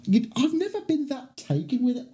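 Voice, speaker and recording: Very dark-toned chatty podcast guest, a man. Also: very high-pitched, normal speed, husky. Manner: animated, jokey, slips into impressions. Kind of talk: casual chat.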